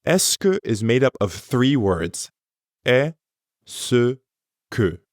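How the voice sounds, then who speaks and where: A man leads a language lesson at an easy, slow pace. His voice moves lively up and down as he spells out sounds carefully for learners. The recording is dry and close, with no room around him. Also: medium pitch, dry recording. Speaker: language teacher. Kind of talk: scripted lesson narration.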